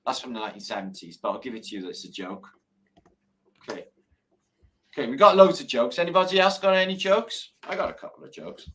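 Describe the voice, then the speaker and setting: A man's voice: mid-range voice, fast, fairly bright tone. A man hosting a live stream, chatting casually, swearing freely and telling dad jokes. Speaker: livestream host.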